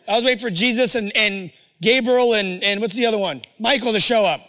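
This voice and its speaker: A man's voice: high voice, a little fast, fairly bright tone, in a large hall. A man telling his personal testimony to an audience in a casual, slangy storytelling way. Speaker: speaker giving a personal testimony.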